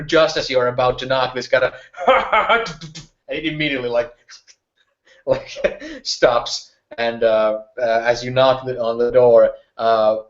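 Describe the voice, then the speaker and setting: A man narrating a tabletop role-playing game as game master, rambling and full of fillers. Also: medium pitch. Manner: rambling, filler-heavy, with frequent uh and like. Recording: muffled lo-fi recording.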